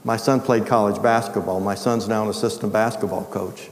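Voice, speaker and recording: A male teacher from the US Midwest telling an animated personal story and acting out the dialogue. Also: on the low side, brisk. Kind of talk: storytelling testimony. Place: large hall. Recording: echoey hall reverb.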